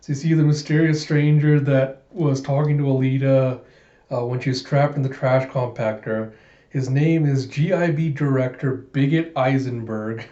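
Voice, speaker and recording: A man's voice: mid-range voice, steady tone, moderate pace, warm tone. A man reading a comic aloud in a casual, chatty way, often laughing. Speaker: comic reader. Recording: echoey room, dull lo-fi sound.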